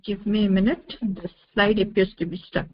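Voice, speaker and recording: A woman from India giving a measured university lecture over slides, explaining step by step with frequent "uh" fillers. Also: mid-range voice, flat delivery. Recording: dull lo-fi recording with faint noise.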